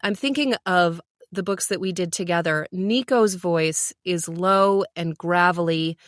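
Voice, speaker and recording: A woman's voice: lowish voice, measured pace, no echo, clean studio sound. A woman who narrates audiobooks, explaining her work in a practical, matter-of-fact way during a casual podcast chat.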